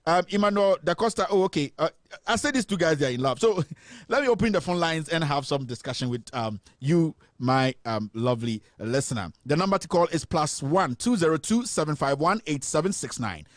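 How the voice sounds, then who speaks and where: A man's voice: a little high, expressive, brisk, no room sound, clean studio sound. A man from Ghana hosting a live call-in stream, joking and reading out viewer comments with many fillers and restarts. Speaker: host of a live political stream. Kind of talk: live call-in talk show.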